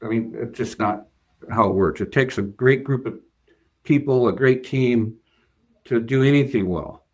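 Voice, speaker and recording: Interviewed as a guest, this bank chief financial officer earnestly tells a story from work in a medium-pitched, slightly mellow voice at a measured pace. He hesitates a lot, leaning on fillers and starting sentences over and over.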